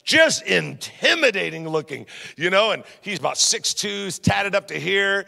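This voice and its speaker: Gravelly-voiced pastor preaching with jokes. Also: male voice, sits high, a little slow. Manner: animated, jokey, talks straight to the crowd. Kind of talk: sermon with humorous storytelling. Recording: long reverb of a large hall.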